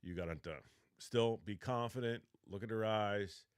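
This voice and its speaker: On a podcast, a man in his fifties gives casual, rambling job interview advice, often correcting himself mid-sentence and acting out both sides of a mock interview for practice. His voice is lowish, clear and resonant, and he speaks at a moderate pace. The recording is dry, with clean studio sound.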